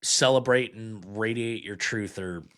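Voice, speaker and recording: A man's voice: on the low side, a little slow. A man hosting a podcast, giving blunt critical commentary as he reads card meanings aloud, sarcastic and full of fillers. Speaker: podcast host.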